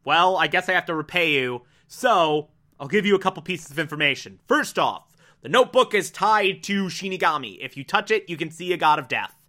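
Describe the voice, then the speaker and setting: A man's voice: on the high side, lively intonation, brisk, sharp tone. A man putting on a brash, pushy young rival. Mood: curt. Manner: pushy and insistent, repeats himself.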